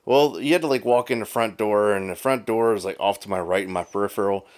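A man's voice: fairly low pitch, quick pace, a little mellow. A man telling a long rambling story in casual chat, profane, with frequent "right?" tags.

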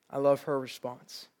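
A man's voice: mid-range voice, darkish tone. A male pastor preaching a sermon to a live congregation in a church, earnest and conversational, with light laughs.

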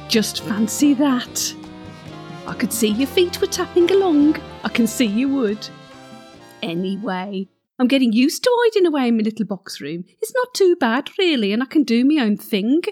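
A woman's voice: on the high side, sing-song, moderate pace, a little mellow, soft background music. A woman playing a flirty gossip. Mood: chatty. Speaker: comic monologue character. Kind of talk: comic character monologue.

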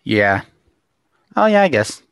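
A man co-hosting a relaxed chat with a low, gravelly voice full of vocal fry. He comes across easygoing and chimes in with quick replies. He is recorded close and dry. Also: no room sound. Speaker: co-host. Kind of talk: casual chat.

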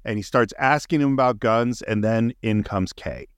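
A man's voice: fairly low pitch, moderate pace, smooth, dry recording. Man retelling a film scene, dry sound. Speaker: podcast co-host. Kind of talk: casual film discussion.

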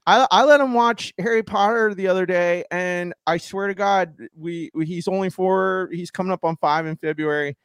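A man's voice: high voice, moderate pace, few pauses, clean tone, no room sound. A man in his thirties, a podcast co-host, animatedly telling a story in casual chat. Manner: animated storyteller, laughs often.

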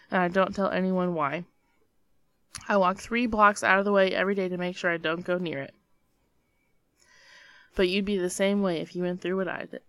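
A young woman reads a creepy story aloud with a crisp, bright voice, building the tension like a seasoned storyteller and slipping into nervous giggles. Her voice sounds close and dry, with almost no room around it. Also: fairly low pitch, dry recording. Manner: dramatic storytelling that breaks into nervous laughter. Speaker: podcast co-host. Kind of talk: reading a scary story aloud.

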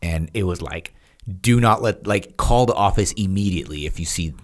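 A man's voice: low-pitched, a little fast. A man, a podcast guest, telling a story in casual chat and acting out the other people's lines. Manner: animated, acts out quoted dialogue with laughs. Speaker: podcast guest, retired Navy SEAL.

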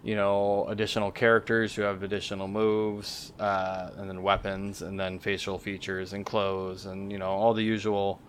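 A man's voice: fairly low pitch, little pitch movement, normal speed, hardly any pauses, slight background noise. A man co-hosting a podcast, chatting casually about a game he found and rambling a little with fillers and self-corrections. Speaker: podcast co-host. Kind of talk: casual chat.

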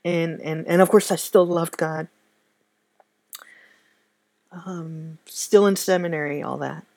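Slow, soft-spoken woman giving testimony. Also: low-pitched, fairly even intonation, vocal fry, no room sound. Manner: soft-spoken, halting and reflective. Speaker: speaker sharing a faith testimony. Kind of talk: personal testimony.

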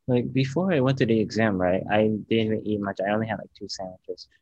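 A man's voice: fairly low pitch, quick pace, darkish tone, no echo, dull audio. A young man co-hosting a podcast, playful and teasing, chatting casually and laughing easily. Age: young adult. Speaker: podcast co-host. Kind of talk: casual chat.

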